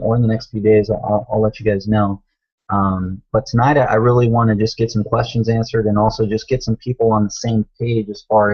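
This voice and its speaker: A man's voice: fairly low pitch, a little mellow, highs cut off. A man coaching viewers on a live stream, talking emphatically, repeating himself and calling them guys. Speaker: online business coach. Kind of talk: motivational live stream talk.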